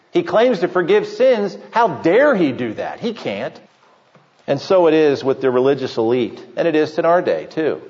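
A pastor delivering a sermon with emphatic preaching, slowing down to stress key points. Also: male voice, a little high, a little mellow. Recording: muffled sound with long hall reverb.

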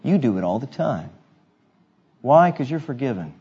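A man's voice: mid-range voice, sing-song, moderate pace, warm tone, breathy edge, highs cut off. A male pastor preaching an expository sermon, reading scripture and asking his congregation rhetorical questions in a conversational way.

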